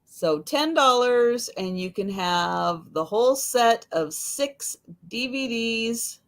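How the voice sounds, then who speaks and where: A woman in a live chat, describing an item for sale in an unhurried, matter-of-fact way. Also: on the high side, expressive. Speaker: seller. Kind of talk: casual sales pitch.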